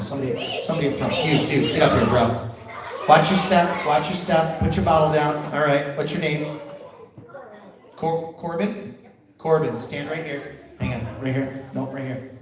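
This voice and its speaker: A children's musician with a fairly high voice tells stories at a school assembly, animated and playful, calling the kids his friends in a motivational talk. It's captured from far off in an echoey gym or auditorium full of children.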